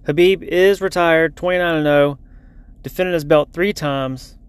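A man's voice: a little high, measured pace, clear, resonant tone, dry recording. A man giving a casual lunch-break sports update in a blunt, heated, profane rant.

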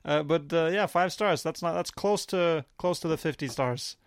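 A man co-hosting a podcast, rambling in casual banter with crude deadpan jokes. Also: a little high, normal speed, smooth, no room sound. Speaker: podcast co-host.

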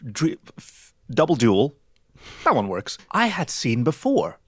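A man's voice: medium pitch, wildly swooping pitch, a little slow, husky, no room sound, studio quality. A man co-hosting a casual podcast, joking around and spinning playful tangents. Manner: playful, spins jokey tangents. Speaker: podcast co-host. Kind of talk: casual chat.

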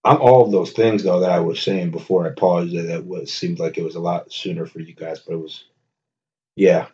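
A man's voice: sits low, steady tone, normal speed, a little mellow, highs cut off. A man hosting a comedy podcast from his home kitchen, rambling with joking bravado and constant self-corrections. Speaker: podcast host.

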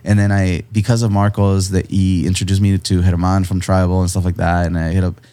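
A man with a fairly low voice tells a story in loose, slangy conversation. He leans on casual words like dude and bro, and his voice jumps high whenever he acts out what other people said. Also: brisk, smooth. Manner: animated, jumps high in pitch when quoting people; slangy, laid-back, says dude and bro a lot. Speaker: guest artist.

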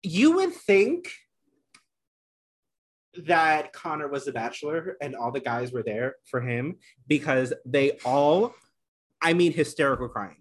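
Animated man retelling a show. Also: on the high side, slow pace, pauses often. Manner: animated storytelling, many fillers. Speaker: podcast co-host. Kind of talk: casual chat recapping a reality show.

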